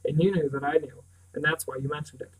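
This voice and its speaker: A man's voice: a little high, fairly even intonation, fast, breathy edge, far from the mic, poor audio. A man reading as an earnest eleven-year-old boy. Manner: earnest, gentle.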